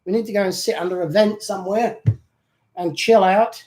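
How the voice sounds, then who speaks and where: A man's voice: high voice, fairly even intonation, brisk, a little mellow, poor audio. A man from the UK with a British accent that has picked up some Australian, joking and reading viewer comments as co-host of a live chat. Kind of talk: casual live-stream chat.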